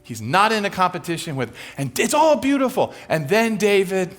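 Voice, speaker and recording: Guest preacher, male, high-pitched, lively storytelling sermon with voiced asides. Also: soft background music. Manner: acts out characters in quick asides, conversational and humorous. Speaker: guest speaker.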